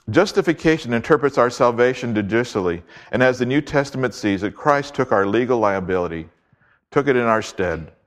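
A man preaching an expository sermon, reading scripture aloud and slowing down to stress key words. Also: medium pitch, expressive. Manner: emphatic, deliberate, slows to stress key words.

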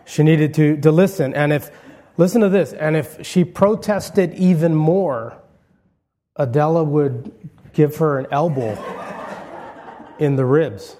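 A male pastor giving a funeral eulogy sermon in a church, telling stories in a conversational way with gentle humor and frequent restarts. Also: fairly high pitch, slow, long pauses. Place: church sanctuary.

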